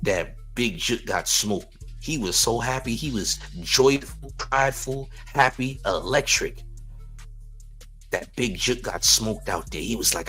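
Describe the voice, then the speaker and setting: A man's voice: medium pitch, expressive, measured pace, bright, forceful tone, faint music behind. A man hosting a hip-hop news stream, talking sarcastically with frequent chuckles. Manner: sarcastic, chuckling, calls viewers "champ". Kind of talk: live-stream commentary.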